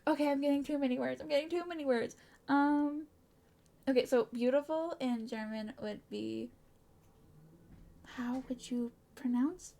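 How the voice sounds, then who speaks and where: Woman streamer, casual chat, a touch high-pitched, bubbly and giggly, stumbles over words. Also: moderate pace, vocal fry, pauses often, dark tone.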